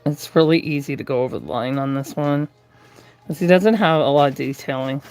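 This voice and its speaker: A woman's voice: low voice, brisk, darkish tone, smooth, soft background music. A woman chatting through a live doll-painting tutorial from her craft room at home, rambling with lots of fillers and restarts. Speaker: reborn doll artist streaming live.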